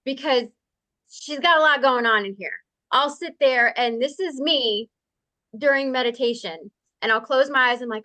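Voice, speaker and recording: A woman's voice: on the high side, a bit bright, dry recording. A woman telling personal stories as a podcast guest in an earnest, conversational way, speeding up in bursts. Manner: earnest, quick bursts of speech with laughs. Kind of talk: conversational storytelling.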